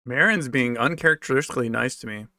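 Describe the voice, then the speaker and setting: A man with a gravelly, creaky voice talks to his livestream chat in a loose, rambling way, full of sarcasm and swearing. His pitch sits at an everyday middle. The sound is dry and close, with no room echo. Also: fast, pushed and bright. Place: basement apartment at home.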